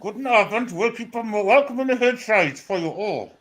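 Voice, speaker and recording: A man's voice: high voice, animated, rapid-fire, bright, forceful tone, exaggerated voice. A man doing a comic impression of a German football manager, putting on a mock German accent. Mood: jokey.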